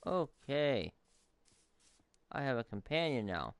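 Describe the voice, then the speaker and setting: A man's voice: fairly low pitch, moderate pace, clean tone. A man giving casual, rambling let's-play commentary as a gaming YouTuber, amused by his own asides.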